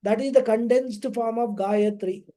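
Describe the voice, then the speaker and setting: A man teaching a scripture class, explaining slowly and chanting Sanskrit verses. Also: very high-pitched, steady tone, mellow. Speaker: spiritual teacher. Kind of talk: scripture lecture.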